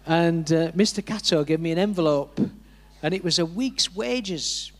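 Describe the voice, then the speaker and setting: A man's voice: a little high, normal speed. A man preaching a sermon, telling a personal story, acting out the voices he quotes and chuckling along.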